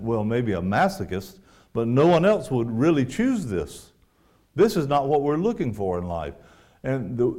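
A man preaching a sermon, earnest, climbing to emphatic peaks and then dropping quiet, reading scripture in a measured cadence. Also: medium pitch.

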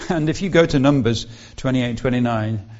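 A man's voice: mid-range voice, normal speed, darkish tone, dull audio. A man preaching a Bible-teaching sermon, explaining earnestly and stressing key words.

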